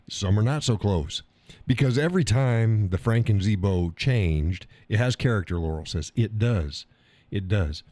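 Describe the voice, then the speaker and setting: A man's voice: fairly low pitch, expressive, measured pace, darkish tone, dry recording. A man hosting a casual live stream, joking in a folksy way, reading viewers' comments aloud and laughing often.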